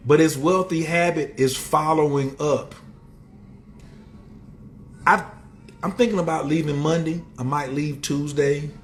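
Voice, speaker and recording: Unhurried and pausing often, a motivational speaker hosts a casual livestream amid slight background noise. He talks in streetwise slang, welcomes people in the chat, and stays animated, his pitch going up and down.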